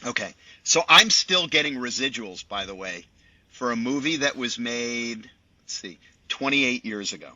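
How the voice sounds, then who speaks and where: Older male sportscaster, tense bright voice, chatty storytelling, lo-fi dry sound. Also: mid-range voice, moderate pace, no room sound. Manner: animated raconteur, chatty with many asides. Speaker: sportscaster guest. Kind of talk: podcast storytelling. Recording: dull dry lo-fi audio.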